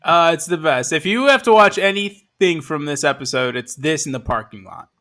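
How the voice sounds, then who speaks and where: Man, podcast co-host, bright tense voice, fairly high, enthusiastic banter. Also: expressive. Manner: enthusiastic, swearing, quick jokes. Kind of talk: casual podcast chat.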